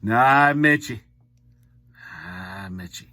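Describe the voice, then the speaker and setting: A man's voice: on the low side, expressive, takes it slowly, no room sound. Blunt man ranting about hockey. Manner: blunt, exasperated, swings from muttered asides to loud ranting. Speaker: sports commentary vlogger. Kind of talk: opinionated hockey recap rant.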